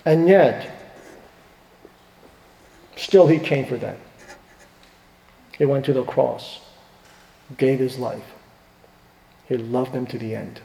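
Emphatic pastor in a reverberant hall. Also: male voice, mid-range voice, slow, vocal fry, pauses often. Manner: emphatic, swings from hushed to rising. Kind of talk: sermon. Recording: echoey hall with long reverb.

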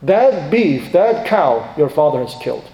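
Dramatic preacher, high voice in an echoing hall. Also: male voice, big pitch swings, measured pace. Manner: dramatic, rising to loud emphatic questions and dropping to quiet asides. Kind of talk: sermon. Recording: echoey reverberant hall.

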